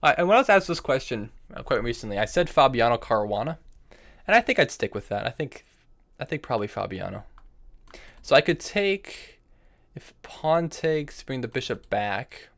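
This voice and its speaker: A man's voice: medium pitch, sing-song, moderate pace, gravelly, fairly bright tone. A young man streaming chess online, thinking aloud about his moves, repeating himself and answering chat messages between moves. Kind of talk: live-stream commentary while playing chess.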